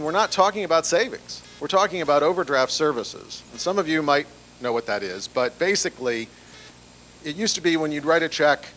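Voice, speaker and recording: A man's voice: fairly high pitch, fairly bright tone, slight background noise. A man giving a conference presentation on banking compliance in a chatty, conversational way, with fillers and restarts. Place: large breakfast event room.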